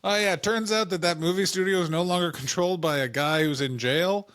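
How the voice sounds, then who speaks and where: A man's voice: high-pitched, brisk, background noise. A man co-hosting a comedy podcast, chatting loosely and joking, often slipping into silly put-on voices. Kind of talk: casual comedic chat.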